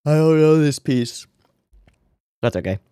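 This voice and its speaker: Fairly high-pitched yet dark, clear and resonant, this man's animated voice keeps a measured pace as he reacts to anime. He swears a lot, laughs, talks back to the screen and reads lines off it in casual commentary. The sound is clean studio audio with no room sound.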